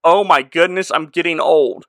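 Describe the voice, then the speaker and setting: A man's voice: fairly high pitch, moderate pace, a bit bright, no echo. A man co-hosting a podcast, recapping a show in casual chat and joking around. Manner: jokey, acts out characters in exaggerated voices. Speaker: podcast co-host.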